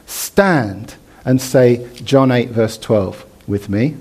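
A man preaching a sermon in church, animated, leading the congregation in reading and response. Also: medium pitch, very slow, slightly rough.

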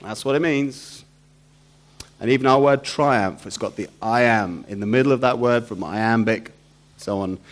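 A man's voice: medium pitch, moderate pace. A man preaching a sermon, emphatic and repetitive, throwing rhetorical questions to the congregation.

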